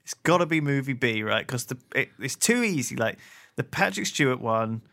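A man's voice: medium pitch, animated, moderate pace, gravelly, pushed and bright. A man co-hosting a casual podcast, easygoing, chatting and reading a spooky story aloud. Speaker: podcast co-host.

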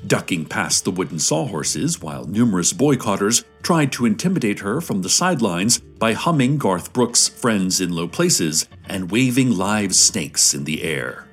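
Deadpan husky male radio narrator. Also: lowish voice, moderate pace, few pauses, faint music behind. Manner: deadpan, dryly calm.

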